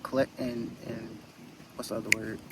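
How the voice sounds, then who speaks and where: A man's voice: fairly low pitch, little pitch movement, moderate pace, very noisy. A man giving an earnest, rambling motivational talk into his phone outdoors, repeating phrases for emphasis. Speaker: spiritual vlogger.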